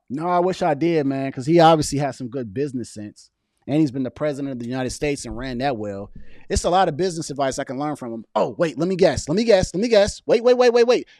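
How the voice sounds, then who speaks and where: A young man speaking casually on a livestream, arguing back at viewers' chat comments in an animated, argumentative way. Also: mid-range voice, dry recording, studio quality. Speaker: political vlogger reading live chat.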